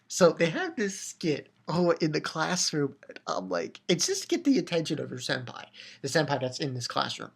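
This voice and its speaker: Woman, low voice, casual recap, excitable, swears, stumbles and restarts. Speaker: anime reviewer.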